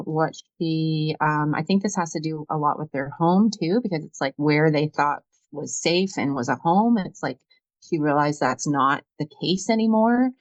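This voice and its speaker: A woman's voice: low-pitched, no room sound, highs cut off. A woman co-hosting a casual tarot reading chat, musing aloud with many fillers. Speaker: tarot reader co-host.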